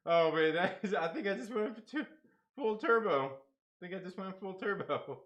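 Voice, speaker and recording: A young man hosting a casual livestream, reading chat and laughing often as he swings between loud outbursts and low asides. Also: animated, normal speed, lo-fi sound.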